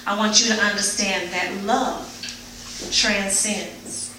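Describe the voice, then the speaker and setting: A woman giving an emotional, dramatic spoken word performance at a live event, moving between hushed and pleading delivery. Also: mid-range voice, steady tone, slow. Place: live event before an audience. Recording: very echoey room, mic far off, faint noise.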